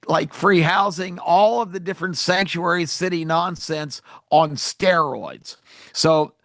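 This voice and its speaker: A man's voice: sits high, a bit bright, no room sound, studio quality. A man hosting a talk radio show, delivering an emphatic, indignant political monologue with frequent fillers.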